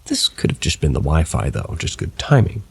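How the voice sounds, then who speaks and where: A man narrating first-person paranormal stories as scripted narration, in a low, even storytelling tone with a husky voice. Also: a little fast, a little hiss or hum.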